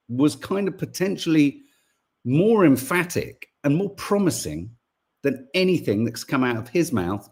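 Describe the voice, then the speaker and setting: A middle-aged man with a husky, mid-range voice co-hosts a casual opinion podcast. His monologue rambles, sounds sarcastic and exasperated, and is packed with filler words.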